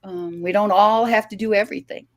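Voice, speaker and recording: A woman's voice: medium pitch, fairly even intonation, a little fast. An older woman from the American Midwest talks as a podcast guest. Her tone is reflective and chatty, and she often restarts her sentences and laughs lightly as she goes. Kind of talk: casual conversational interview.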